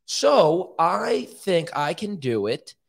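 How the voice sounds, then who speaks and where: A man's voice: high-pitched, sing-song, takes it slowly, gravelly. A man hosting a podcast, telling a story in a casual, profane and self-mocking way. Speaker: podcast host.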